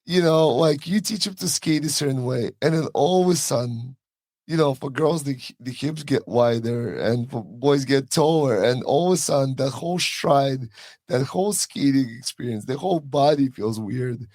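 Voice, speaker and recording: A man's voice: medium pitch, moderate pace, no room sound, clean studio sound. A man hosting a podcast as a coach, telling stories casually with lots of fillers and restarts. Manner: relaxed storytelling with many fillers and restarts. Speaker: hockey coach and podcast host. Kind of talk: casual conversational interview.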